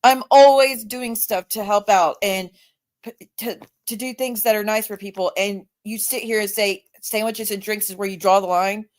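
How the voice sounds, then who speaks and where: A woman's voice: mid-range voice, fairly even intonation, normal speed. A woman hosting a live stream in casual chat, blunt and emphatic, swearing freely. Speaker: livestream host.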